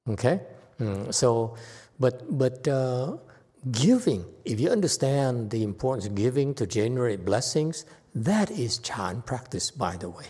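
A man's voice: medium pitch, very animated, unhurried, darkish tone, slightly rough. A man, a Buddhist monk, giving an informal dharma talk in short broken phrases and laughing often. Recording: reverberant hall.

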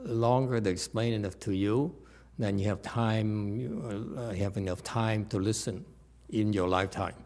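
A man as a Buddhist teacher giving a dharma talk, rhetorical and animated, with many fillers and restarts. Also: fairly low pitch, a little slow.

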